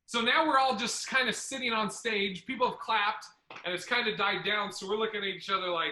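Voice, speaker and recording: A man hosting a podcast, telling a comedy club story in a casual, profane, animated way. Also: sits high, moderate pace, echoey room, rough recording.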